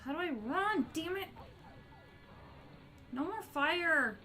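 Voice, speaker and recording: A woman giving excitable live commentary as she streams a video game, gasping and yelping at what happens on screen. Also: extremely high pitch, slow.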